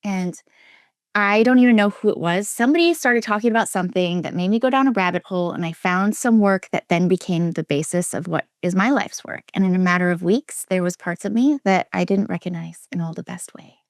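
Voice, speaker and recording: A woman from Minnesota, a guest and relationship coach, telling her personal story in an interview. She speaks earnestly and emphatically, restarts often, and drops to a soft near-whisper at heavy moments. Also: on the low side, brisk, no echo, studio quality. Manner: earnest and emphatic, with frequent restarts and quoted inner voices.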